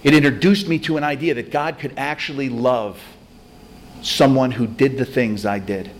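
A man giving a conversational, self-deprecating spiritual talk to a recovery group, telling stories with animated energy. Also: mid-range voice, normal speed, slight background noise. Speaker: recovery meeting speaker.

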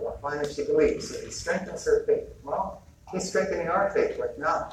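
A man with a slightly higher voice gives a relaxed spiritual talk, chatty and quick to chuckle, slipping into little bits of dialogue as he tells it. He is heard from a distance in a very echoey hall, with faint room ambience underneath. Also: background noise. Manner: conversational, chuckles often, acts out quoted dialogue. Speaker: retreat speaker. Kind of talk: informal talk on healing and faith.

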